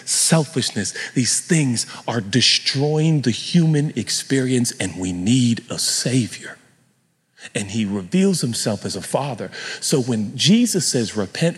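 A man's voice: medium pitch, slightly rough, in a large hall. A man preaching a sermon as pastor, telling self-mocking stories and acting out voices, in a church. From United States. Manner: animated, self-mocking storytelling with acted-out voices. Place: church auditorium.

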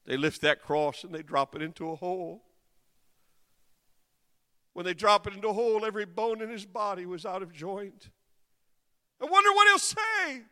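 A man preaching a dramatic sermon, swinging from hushed passages to impassioned cries. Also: sits high, moderate pace, pauses often, big-room sound.

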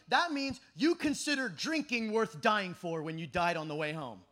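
A young man preaching a fervent youth camp sermon, shouting at peaks and dropping to hushed asides. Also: high voice, normal speed, hardly any pauses. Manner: impassioned, often shouting, swings between loud and hushed.

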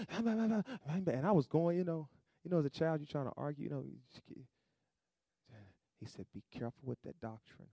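A man preaching a sermon, asking the congregation for amens, swinging between loud emphatic peaks and low asides. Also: dry recording, studio quality. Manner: call-and-response preaching, rising to loud emphatic peaks then dropping low; acts out quoted voices in asides. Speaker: pastor.

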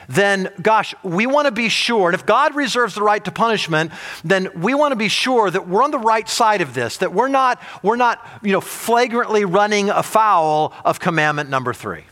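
A male pastor preaching a sermon, animated, asking the audience rhetorical questions and often restarting and repeating words. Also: sits high, moderate pace.

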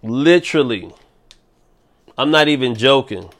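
A young man hosting a solo podcast, ranting in a profane, animated way. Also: medium pitch, unhurried. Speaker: podcast host.

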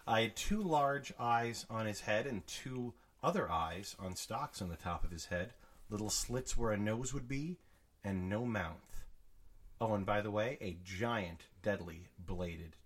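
A man co-hosting a podcast, casually retelling a book's plot with swearing and quick acted-out lines. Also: fairly low pitch. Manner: animated, swearing, acts out lines in voices. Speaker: podcast co-host. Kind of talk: casual book-recap chat.

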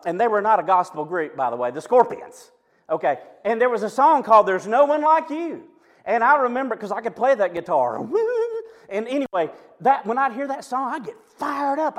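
A man in his fifties preaching a sermon, lively and chatty, with personal stories and quick asides to the congregation. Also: high-pitched. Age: 50s. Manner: animated, storytelling preacher with asides and quick jokes. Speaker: pastor.

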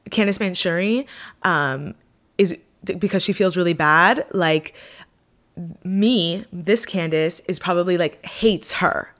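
A young woman vlogger telling a personal story in a casual, animated way, full of fillers and dramatic self-mockery. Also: lowish voice.

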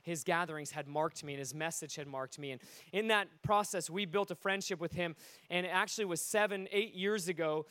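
High-voiced fervent preacher, dry sound. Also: male voice, fairly quick, dry recording. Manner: animated, rising to near-shouting at peaks. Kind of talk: sermon storytelling.

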